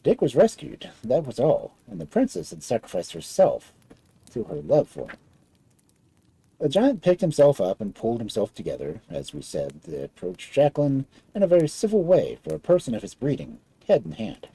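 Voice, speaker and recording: A man reading a fairy tale aloud as a storyteller, in an expressive style. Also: moderate pace, vocal fry, slightly rough, no echo, low-quality recording. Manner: expressive storybook reading with wide swings in pitch.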